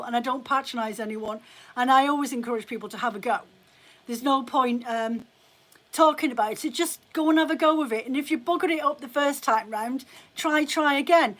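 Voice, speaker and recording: Blunt high-voiced British woman. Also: a bit bright. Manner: blunt, chatty, swears freely. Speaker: fibre shop owner hosting a live chat. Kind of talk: casual live-stream chat.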